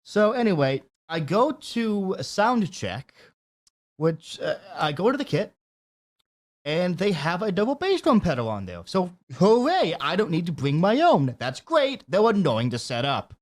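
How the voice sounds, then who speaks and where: A man co-hosting a podcast in a studio, telling stories in a casual, animated way and laughing often. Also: high voice, measured pace. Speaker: podcast co-host. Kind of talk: casual chat.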